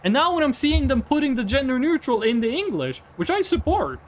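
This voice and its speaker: Animated Norwegian-accented man, high lively voice. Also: brisk, a little hiss or hum. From Norway. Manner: animated, rambling, swears often. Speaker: streamer. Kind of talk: casual chat.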